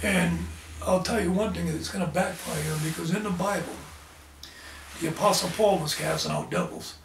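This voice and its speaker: A man with a fairly high, gravelly voice at normal speed, a lay preacher, earnestly and fervently tells his experiences in an interview. The echoey room, distant mic, faint ambience, and background noise all come through.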